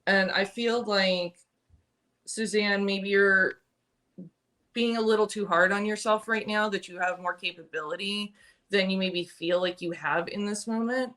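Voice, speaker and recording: A woman giving a live-stream tarot reading, thoughtful and halting, with many pauses and restarts. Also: medium pitch, steady tone, a bit bright. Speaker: tarot reader.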